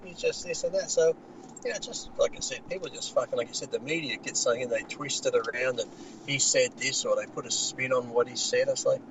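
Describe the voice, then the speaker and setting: A man's voice: mid-range voice, sing-song, fairly quick. Blunt Australian man, car noise behind. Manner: blunt, swears freely, laughs often. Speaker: podcast co-host. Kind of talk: casual chat.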